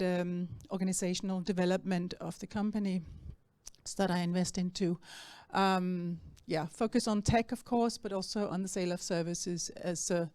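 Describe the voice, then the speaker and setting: Clear-voiced woman introducing herself on stage. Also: mid-range voice, a little mellow, no echo. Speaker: mentor and business angel on panel. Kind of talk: panel self-introduction. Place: stage at a fintech demo day event.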